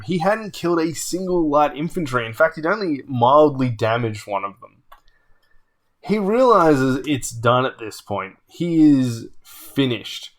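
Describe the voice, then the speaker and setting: A man, a tabletop channel host telling a story casually, with animated, laughing asides. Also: on the high side.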